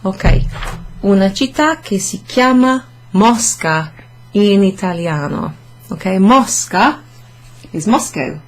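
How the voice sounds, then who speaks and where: A woman teaching Italian in a relaxed, chatty classroom way, laughing often and saying her examples slowly. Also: mid-range voice, low-quality recording. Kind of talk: casual classroom explanation.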